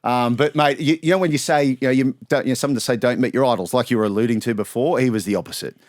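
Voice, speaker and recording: An Australian man in his thirties spins animated stories, slipping into other people's voices as he goes. His voice sits at a middling pitch, recorded close and dry. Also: racing, dry recording. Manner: animated anecdotes with laughter and acted-out quotes. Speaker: podcast guest, sports broadcaster. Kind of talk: casual storytelling chat.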